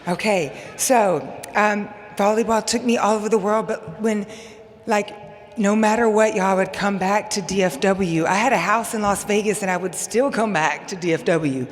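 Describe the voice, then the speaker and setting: A bubbly, excitable woman from Texas with a Texan accent, giving a rambling acceptance speech at a podium microphone. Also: medium pitch, moderate pace. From Texas, USA. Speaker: hall of fame inductee. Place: large banquet hall. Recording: long hall reverb, faint noise.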